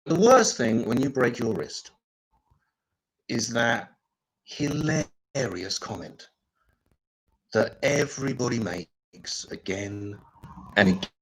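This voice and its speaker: A man doing improvised stand-up comedy, deadpan with bursts of loud mimicry. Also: mid-range voice, slow, creaky, pauses often, husky, rough recording.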